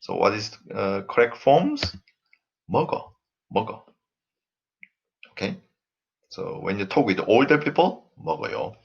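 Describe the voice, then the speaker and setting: A low, husky male voice with a Korean accent, explaining grammar in a recorded lesson. His pitch rises and falls a lot as he repeats example sentences and fills pauses with "uh." The audio is dull and lo-fi. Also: very animated. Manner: explains slowly with frequent fillers, repeats example phrases. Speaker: Korean language teacher.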